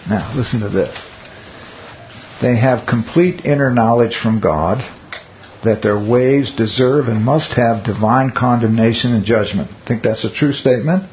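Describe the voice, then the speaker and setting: A man's voice: medium pitch, a little slow. Man teaching a Bible study, wry. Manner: rhetorical questions and wry asides. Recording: muffled lo-fi recording with faint hiss.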